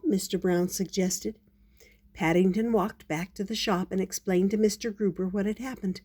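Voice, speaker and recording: Grandma reading a kids book aloud, gentle, unhurried. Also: female voice, fairly low pitch. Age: older. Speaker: storyteller.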